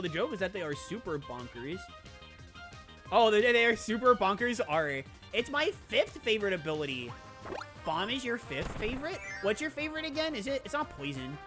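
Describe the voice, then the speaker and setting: A woman's voice: medium pitch, very animated, moderate pace, fairly bright tone. A woman streaming a video game, chatting casually and rambling in a self-mocking way as she reacts to chat. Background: game music.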